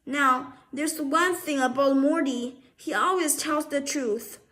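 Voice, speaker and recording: A woman's voice: high-pitched, slow pace, fairly bright tone. A woman reading a children's storybook aloud, often stumbling and restarting words.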